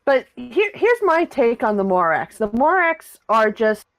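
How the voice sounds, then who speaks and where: A woman's voice: fairly high pitch, sing-song, measured pace, no echo, poor audio. A woman guest on a review podcast, talking with dry, teasing sarcasm. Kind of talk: casual review chat.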